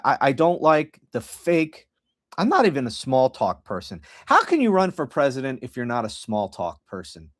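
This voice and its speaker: A man's voice: fairly high pitch, no echo, clean studio sound. A middle-aged man hosting a political podcast livestream, ranting bluntly and profanely with frequent restarts.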